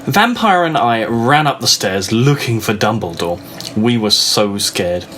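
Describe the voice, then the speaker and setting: A man giving a comedic reading of a story, laughing often and shouting the characters' lines. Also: fairly low pitch, expressive, a little slow, slight background noise. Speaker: reader. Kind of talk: comedic dramatic reading of fan fiction.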